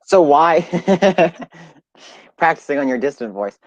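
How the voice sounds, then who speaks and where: A man's voice: on the high side, big pitch swings, slow, highs cut off, background noise. A young man hosting an interview who asks eager, enthusiastic questions. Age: young adult. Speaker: interview host. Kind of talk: casual interview chat.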